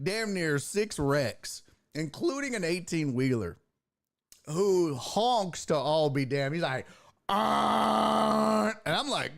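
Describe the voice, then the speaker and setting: Profane, animated man telling a story. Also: a little high. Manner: profane, rambling anecdote with lively impressions. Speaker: sports talk show host. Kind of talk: casual storytelling on a live stream.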